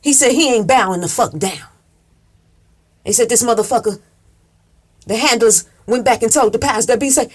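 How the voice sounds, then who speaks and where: A woman's voice: fairly high pitch, normal speed, pauses often. A woman telling a story in an emphatic, preacher-like cadence, full of cursing and call-and-response. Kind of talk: profane preacher-style storytelling.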